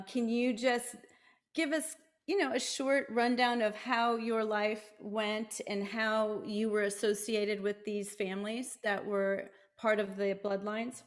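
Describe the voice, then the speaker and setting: Female host, effusive and chatty, medium pitch. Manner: effusive, gushing reactions. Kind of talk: casual interview talk.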